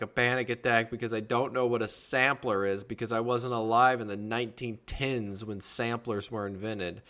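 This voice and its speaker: Very deep-voiced man telling animated stories. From Georgia, US. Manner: animated, dramatic and jokey. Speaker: podcast host. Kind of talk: casual storytelling chat.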